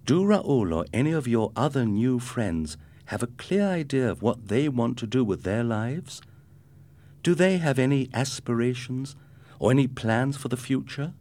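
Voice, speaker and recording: A man's voice: mid-range voice, lively intonation, normal speed, voice pushed up, lightly acted. A man voicing an earnest, questioning mother. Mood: concerned. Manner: gentle, searching questions. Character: caring, earnest mother questioning her son.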